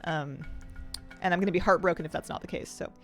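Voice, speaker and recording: A woman's voice: fairly low pitch, quick pace, faint music behind. A woman streamer chatting casually while she plays, rambling and thinking aloud with easy laughs. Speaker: game streamer. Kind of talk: casual live-stream chat while gaming.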